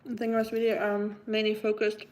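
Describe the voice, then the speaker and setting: Her delivery completely flat and brisk, a young woman with a medium-pitched, darkish voice chats casually with livestream viewers over poor audio. She muses aloud, answering the live chat as she eats.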